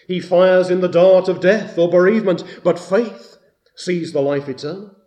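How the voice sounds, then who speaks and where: A man preaching a sermon, slow and deliberate, rising to loud emphatic bursts on key words. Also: on the high side.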